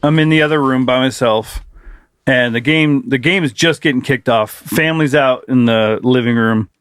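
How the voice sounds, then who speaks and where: A man in his forties telling a story in a casual podcast chat, profane and excitable, breaking into shouted reenactments. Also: medium pitch, moderate pace, clear, resonant tone, no echo, studio quality, soft background music. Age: 40s. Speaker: podcast co-host.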